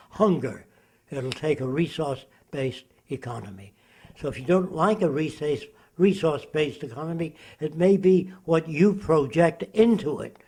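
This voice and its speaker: Answering an interviewer at length, a man in his 90s sounds emphatic and preachy, peppering his listener with rhetorical questions. His voice sits a little high and has a slightly mellow quality.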